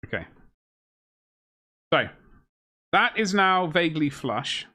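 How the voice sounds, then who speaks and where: A man's voice: on the high side, sing-song, takes it slowly, pushed and bright. A man hosting a live stream. He reads viewers' chat aloud and answers it with jokes while he works on a miniature at his desk. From Britain.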